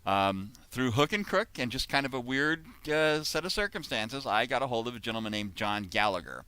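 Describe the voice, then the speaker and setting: Bright clear-voiced middle-aged man chatting. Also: medium pitch, lively intonation, moderate pace. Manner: chatty, rambling with restarts and laughs. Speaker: co-author and host. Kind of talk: casual chat. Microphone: video call.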